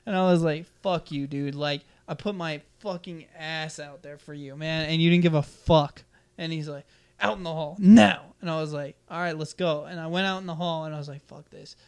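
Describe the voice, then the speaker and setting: His voice is a little high and clean as this young podcast host recounts a school story at normal speed. The chat is casual and profane, and he loudly performs the quoted lines with plenty of animation.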